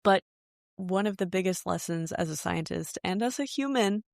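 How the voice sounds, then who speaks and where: A woman hosting a podcast chats in an earnest, reflective way and sometimes quotes her own thoughts. Her voice sits at a middle pitch, recorded close and dry. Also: lively intonation, moderate pace, creaky, no room sound. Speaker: podcast host. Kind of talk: casual podcast chat.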